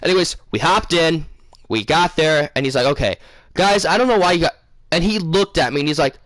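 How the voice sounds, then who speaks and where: A man casually telling his viewers a long dream story, rambling, losing his place and filling pauses with um and uh. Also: a little high, expressive, a bit bright, no echo. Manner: rambling, loses his place, many fillers. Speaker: gaming channel host.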